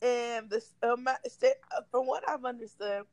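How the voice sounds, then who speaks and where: A young woman co-hosting a podcast, telling a story in an animated, slangy, comic way. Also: fairly high pitch, a little slow, no echo, rough recording. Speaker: podcast co-host. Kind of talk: casual storytelling chat.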